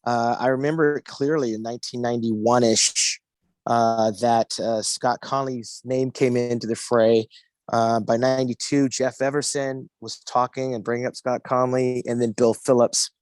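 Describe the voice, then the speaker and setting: A man in his fifties, a retired bodybuilder as guest, telling his story in a relaxed chat with plenty of fillers. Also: mid-range voice, normal speed, no room sound. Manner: reflective storytelling, frequent fillers. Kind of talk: casual video-call chat. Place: home near the coast.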